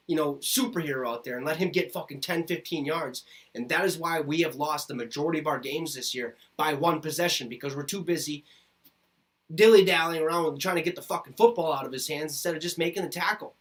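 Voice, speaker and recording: A man's voice: on the high side, brisk, fairly bright tone. A man in his twenties from Minnesota, ranting heatedly about his football team on a podcast. He swears constantly and repeats his points for emphasis. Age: 20s. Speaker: podcast host. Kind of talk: ranting sports commentary.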